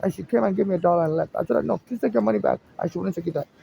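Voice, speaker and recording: A man talking in a rambling casual monologue to camera, filling his pauses with "you know". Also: high-pitched, creaky, mellow, dull audio, slight background noise. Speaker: vlogger. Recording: music playing behind the voice.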